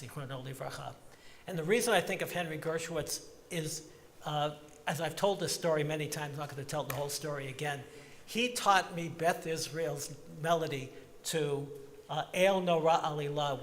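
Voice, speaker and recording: A man giving a reflective talk to his congregation in a synagogue, slowing down to stress sung phrases. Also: a little high, fairly bright tone, big-room sound, slight background noise. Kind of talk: sermon-like reflection. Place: large synagogue sanctuary.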